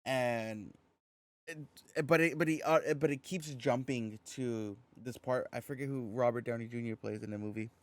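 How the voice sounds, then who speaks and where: A man co-hosting a podcast in casual chat, relaxed and rambling, swearing casually. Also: medium pitch, normal speed, no echo. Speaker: podcast co-host.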